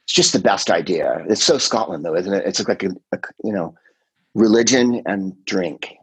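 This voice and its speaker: Husky middle-aged man telling rambling stories. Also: low voice, normal speed, no room sound, low-quality recording. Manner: rambling, animated storytelling with quoted voices and swearing. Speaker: comedian and podcast host. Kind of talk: casual chat.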